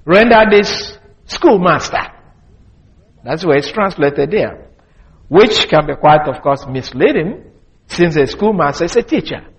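A man delivers a teaching sermon in a fairly high voice, explaining and spelling out a word with care. The recording is dull and lo-fi, with the top end muffled. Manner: teaching, spells out words slowly. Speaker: preacher. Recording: dull, lo-fi sound.

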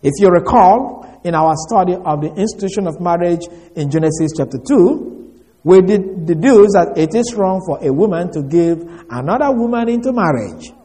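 A man teaching a Bible study, reading scripture and explaining it in a deliberate, emphatic way. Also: high voice, animated, warm tone.

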